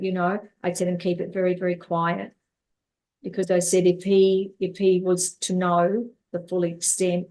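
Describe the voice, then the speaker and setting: A woman who is a life coach and therapist tells stories from her life as an interview guest, repeating words and acting out what other people said. Her voice is fairly low in pitch and a little mellow.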